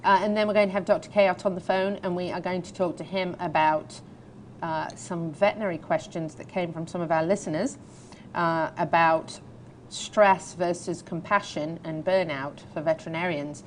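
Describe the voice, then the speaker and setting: A woman's voice: lowish voice, fairly even intonation, normal speed, slight background noise. Chatty English woman hosting a show. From England. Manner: chatty, laughs easily, playful. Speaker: talk show host. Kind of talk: casual chat and news reading. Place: studio.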